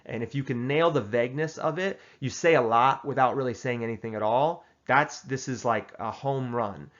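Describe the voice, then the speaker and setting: Deadpan man giving mock advice. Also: medium pitch, normal speed, muffled recording. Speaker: host giving tongue-in-cheek advice. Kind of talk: casual comedic advice monologue.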